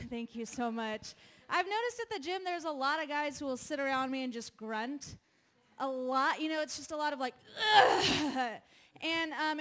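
High-voiced young woman doing stand-up. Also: a bit bright. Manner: chatty, self-deprecating, laughs between jokes. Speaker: stand-up comedian. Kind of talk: stand-up comedy set. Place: live venue with an audience.

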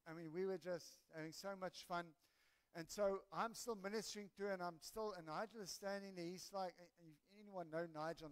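High, smooth-voiced male preacher. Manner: animated, halting storyteller with many restarts. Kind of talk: sermon with storytelling.

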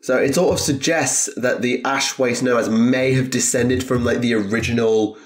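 A man co-hosting a podcast, explaining things in a measured, hesitant way in casual chat. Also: mid-range voice, fairly even intonation. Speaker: podcast co-host.

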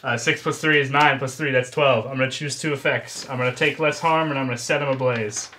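A man's voice: medium pitch, fairly even intonation, fairly quick, noisy background. A man playing a tabletop role-playing game, eagerly jumping in with his character's actions and ideas. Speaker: player. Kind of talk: casual tabletop game play.

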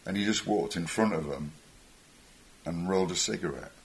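Speaking at a moderate pace in a voice that sits low, an older man tells rambling stories as a musician guest on stage. He chuckles often and acts out voices along the way.

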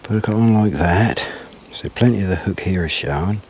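A man's voice: deep voice, normal speed. A man giving chatty running commentary at a lakeside, talking to the fish and the viewer and sometimes dropping to a whisper. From England. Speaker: angler vlogger. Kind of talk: casual running commentary while fishing. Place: outdoors at a lakeside. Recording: loud outdoor background noise. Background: loud outdoor noise, a dog barking.

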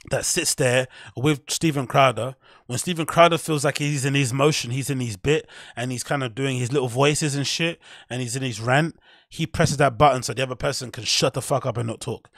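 A man commentating on a video with blunt, heated opinions and plenty of profanity. His voice carries a gravelly rasp and sits mid-range. The sound is dry and close to the mic. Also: medium pitch, a bit bright, dry recording. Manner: blunt, heated, swears a lot. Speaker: commentator reacting to a clip.

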